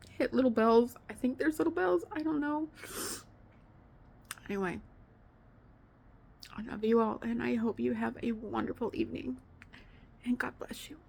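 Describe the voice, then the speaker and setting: A woman's voice: a little high, measured pace, creaky, pauses often, a little mellow. A woman talking to camera in a heartfelt, rambling vlog, thanking her viewers. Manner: heartfelt and rambling, tearful at times. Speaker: vlogger.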